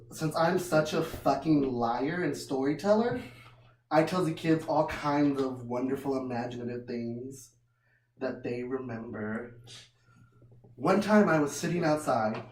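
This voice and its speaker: A woman's voice: low voice, a little mellow, a little hiss or hum. A woman performs a stand-up set, telling self-mocking stories and breaking into laughter often. She sounds distant from the mic, and the room adds a ringing echo. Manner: loose, self-mocking storytelling with frequent laughs. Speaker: stand-up comedian. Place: small comedy venue. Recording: roomy room heard from far off.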